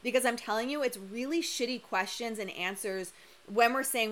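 A woman's voice: a little high, normal speed, fairly bright tone. A young woman coach giving a candid, emphatic live-stream talk that has casual swearing, her voice slightly worn as she loses it. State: losing her voice. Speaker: human design coach.

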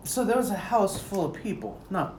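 A woman asking short follow-up questions in casual chat, speaking quietly. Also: mid-range voice, lively intonation, moderate pace. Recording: distant voice in echoey room.

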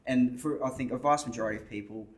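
A man's voice: medium pitch, fast. An Australian man co-hosting a podcast, talking through his views in a thoughtful, rambling casual chat. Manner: thoughtful, rambling, with restarts and swearing. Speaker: podcast co-host.

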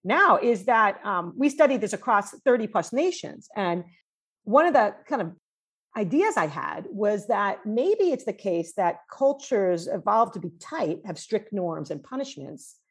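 A woman's voice: medium pitch, measured pace, breathy edge. A woman from New York, a cross-cultural psychologist, chatting animatedly in an interview. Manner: animated, chatty storytelling with fillers. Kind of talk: conversational interview.

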